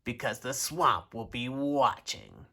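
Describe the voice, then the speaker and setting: A man's voice: mid-range voice, expressive, slow pace, creaky, sharp tone, full character voice. A man voicing a stern woman substitute teacher with a scratchy voice, bossy and menacing, in a storybook reading.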